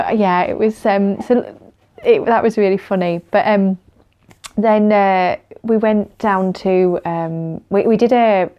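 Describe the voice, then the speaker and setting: A woman's voice: medium pitch, a little mellow. A woman chatting casually in a vlog, telling a story with lots of laughs and fillers. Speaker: vlogger.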